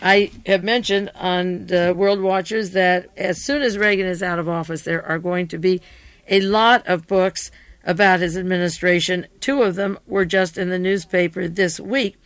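Tired-voiced commentator, rambling taped radio monologue, mid-range pitch, dry sound. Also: steady tone, normal speed, a bit bright, no room sound. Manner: rambling, digressive, self-correcting.

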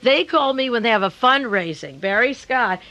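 An older woman hosting a radio talk show during a fundraiser, talking in long, rambling, emphatic runs and slowing down to hammer her points home. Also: fairly high pitch, lively intonation, pushed and bright, poor audio. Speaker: radio host.

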